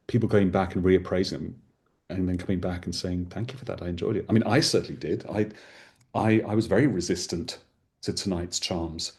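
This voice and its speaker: A man with a very low voice talks in a relaxed conversation. He tells long, enthusiastic stories and drifts into playful asides. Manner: expansive, enthusiastic storyteller. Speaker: podcast host as guest. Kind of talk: casual conversation.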